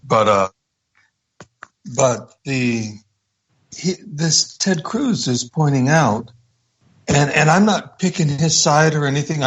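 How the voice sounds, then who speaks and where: A man talking on a radio show, rambling off on tangents. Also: lowish voice. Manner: rambling, digressive. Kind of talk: conversational radio talk. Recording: dull lo-fi sound.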